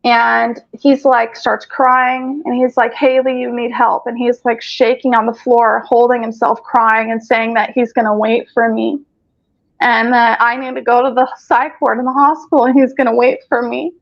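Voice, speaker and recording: A woman's voice: fairly high pitch, little pitch movement, moderate pace, gravelly. A woman telling her story in casual chat on a group video call, rambling, cursing often and filling gaps with "um". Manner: rambling, profane, frequent filler words. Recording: lo-fi call audio.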